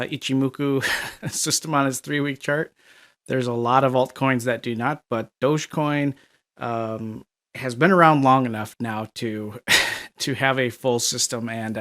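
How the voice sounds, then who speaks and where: A man's voice: mid-range voice, fairly bright tone. A man in a mid-range voice hosts a market analysis video. He talks through his charts casually, with easy fillers and the odd small laugh. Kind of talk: casual technical analysis commentary.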